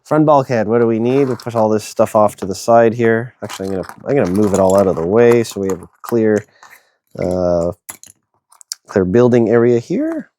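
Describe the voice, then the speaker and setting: A man's voice: on the low side, animated, moderate pace, mellow, slight background noise. A man narrating a hobby kit build in a casual, chatty way, thinking aloud with many fillers and sounding tired and yawny. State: yawning, tired. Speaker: hobby video host.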